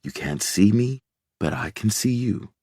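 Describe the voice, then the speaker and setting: A man voicing a calm middle-aged doctor who speaks slowly in a reassuring baritone. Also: no echo, studio quality. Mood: soothing. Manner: slow, soothing, reassuring baritone.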